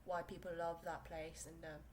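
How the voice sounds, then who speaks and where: Speaking at a normal speed with a flat delivery and a low voice, this podcast host is a young woman from South Korea using English as her second language. She rambles through a casual solo show in her small room, full of fillers and restarts, on a low-quality recording with slight background noise.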